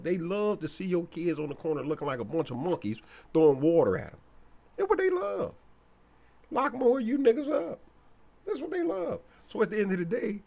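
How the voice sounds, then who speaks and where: A man's voice: mid-range voice, a little mellow, breathy edge. A man delivering a blunt, repetitive, slangy preachy monologue as a commentator.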